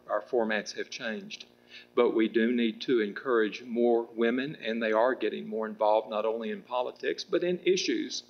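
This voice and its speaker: A man's voice: lowish voice, vocal fry, muffled recording. A middle-aged man answering at a public political debate, rambling with restarts and fillers. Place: public meeting room with audience.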